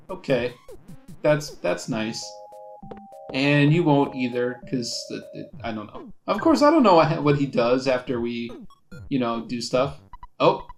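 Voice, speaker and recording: A man's voice: on the high side, lively intonation, measured pace, soft background music. A young man casually commenting while playing a video game, musing aloud with lots of fillers. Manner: rambling, musing, with fillers and laughs. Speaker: let's play host.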